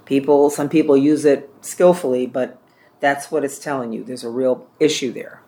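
A man's voice: mid-range voice, steady tone, normal speed, dark tone, slight background noise. Plain-spoken male church trainer teaching. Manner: plain-spoken, repeats and corrects himself while teaching. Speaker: church care-ministry trainer. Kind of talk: classroom teaching.

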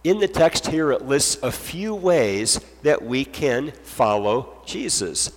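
A man's voice: mid-range voice, lively intonation, takes it slowly. Guy pastor preaching, earnest, keeps repeating to drive it home, echo trailing off like a church hall. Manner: earnest, emphatic repetition. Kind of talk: sermon.

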